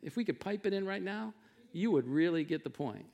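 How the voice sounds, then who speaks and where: Middle-aged male pastor, conversational storyteller, slightly higher pitch, gravelly texture. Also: brisk. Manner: animated storytelling, acting out quotes with rising pitch and volume. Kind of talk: sermon.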